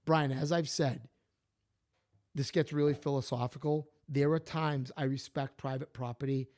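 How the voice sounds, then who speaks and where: A man, co-hosting a podcast, telling stories and opinions in an animated, emphatic way. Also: medium pitch, normal speed. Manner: animated, emphatic, repeats himself. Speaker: podcast co-host. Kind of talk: casual opinionated storytelling.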